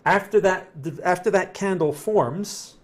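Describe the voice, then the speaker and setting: Male trading host with a fairly high voice, relaxed and conversational, thinking aloud as he works through charts. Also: measured pace. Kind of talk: casual live chart analysis answering viewer questions.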